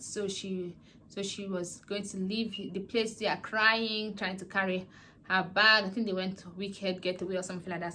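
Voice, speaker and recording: A woman's voice: mid-range voice, a bit bright, a little hiss or hum. A woman vlogger casually recapping a drama series, animatedly acting out the characters' lines. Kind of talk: casual chatty plot recap.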